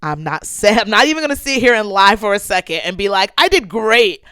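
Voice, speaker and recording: A woman's voice: medium pitch, animated, fast talker, a bit bright, clear, resonant tone, dry recording. A woman podcast host in her thirties telling a personal story to her listeners, emotional and close to tears, talking expressively and calling them y'all. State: tearful. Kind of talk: casual personal vlog talk.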